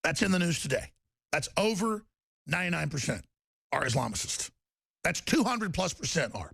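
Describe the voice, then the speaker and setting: Gravelly, fired-up ranting male talk host. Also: a little high, sing-song, normal speed, a bit bright, no room sound, studio quality. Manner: angry, ranting, repetitive. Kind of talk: political talk show rant.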